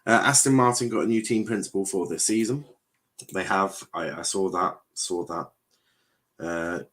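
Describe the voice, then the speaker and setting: A man's voice: deep voice, animated, normal speed, a bit bright. Rambling young man streaming. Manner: rambling, repeats phrases, many fillers. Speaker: watchalong streamer. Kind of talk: casual live-stream chat reading comments.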